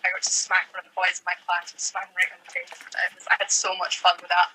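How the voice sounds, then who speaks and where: A young Scottish actress chatting casually as an interview guest, full of "like" and "um". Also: female voice, on the low side, completely flat delivery, quick pace, pushed and bright, a little hiss or hum, poor audio. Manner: chatty, fills with "like" and "um".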